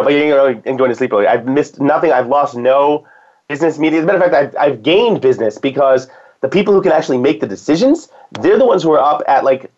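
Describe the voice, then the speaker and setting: A man's voice: mid-range voice, a little mellow. A man talking casually as a guest, rambling with restarts and fillers. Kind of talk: casual conversation. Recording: dull lo-fi sound.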